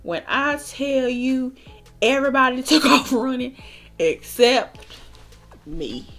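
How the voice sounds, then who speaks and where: A woman's voice: high-pitched, slow pace, faint music behind. A young woman telling a wild storytime while doing her makeup, swearing and laughing as she goes. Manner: animated, swearing, laughing often. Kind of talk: casual storytime chat.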